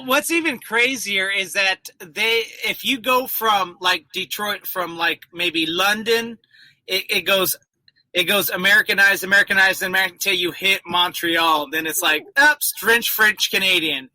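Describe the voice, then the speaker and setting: Man, high voice, very bright and sharp, dry close sound, rambling jokey chat. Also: moderate pace, no echo, poor audio. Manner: rambling, joking, loose storytelling. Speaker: guest. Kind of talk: casual chat.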